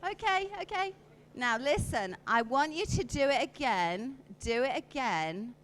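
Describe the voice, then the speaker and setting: A woman's voice: a little high, animated, a little slow, rough recording. A woman giving a live workshop talk, coaxing her audience through exercises and acting out emotions with her voice. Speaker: conference speaker. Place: conference hall.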